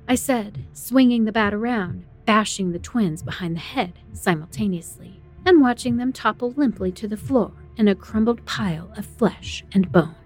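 A woman's voice: mid-range voice, measured pace, a little mellow, faint music behind. A woman narrating a first-person horror story in a tense, dramatic way.

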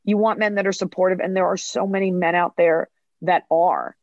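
A woman comedian talks as a podcast guest, telling animated stories and slipping into bits of acted-out dialogue. Her voice sounds dry and close. The recording is slightly dull and lo-fi. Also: fairly low pitch, brisk, no echo. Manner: animated storytelling, acts out dialogue. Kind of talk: podcast interview.

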